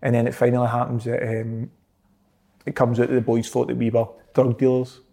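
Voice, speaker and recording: This is a Scottish man talking fairly quickly, his medium-pitched voice showing vocal fry. He's telling a story casually, full of laughter and lively impressions of what others said.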